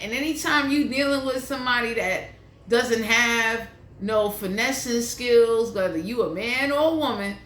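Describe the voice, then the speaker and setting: Profane, animated woman tarot reader. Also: on the high side. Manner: blunt, profane, animated ranting. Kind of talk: casual tarot reading monologue. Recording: echoey room, faint hiss.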